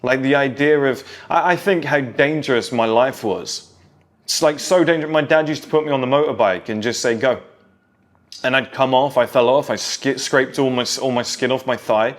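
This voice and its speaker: Man, thirties, mid-pitched voice, casual monologue, nostalgic storytelling, talks straight to young men. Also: normal speed. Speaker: self-improvement creator.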